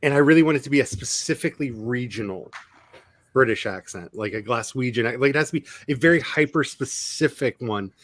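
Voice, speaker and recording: A man's voice: medium pitch, a little fast, dry recording. Chatty man rambling about movies. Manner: rambling, enthusiastic, trails off quietly. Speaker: host. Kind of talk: casual chat.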